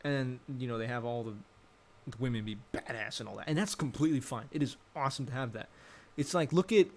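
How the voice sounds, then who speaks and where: A man's voice: medium pitch, fast. A young adult man giving casual, rambling commentary, thinking aloud and correcting himself as he goes. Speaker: vlogger.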